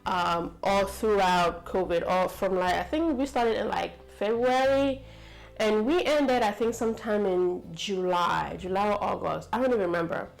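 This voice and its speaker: A woman's voice: mid-range voice, normal speed, creaky, poor audio. A woman from the United States telling a story to camera in a chatty, rambling way, full of fillers and asides. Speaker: vlogger.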